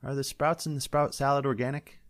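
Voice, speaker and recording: A man's voice: medium pitch, fairly even intonation, a little fast, no room sound, studio quality, pitched above the performer's own voice, close to an everyday voice. A man voicing a fussy, health-minded young female deputy who talks in a prim, questioning way.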